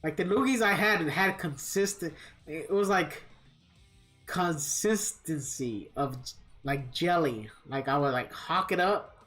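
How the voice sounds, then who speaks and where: A man's voice: on the high side, expressive, a little slow, a bit bright, soft background music. A man live-streaming a fighting game, chatting casually with viewers in a rambling, profane storytelling manner.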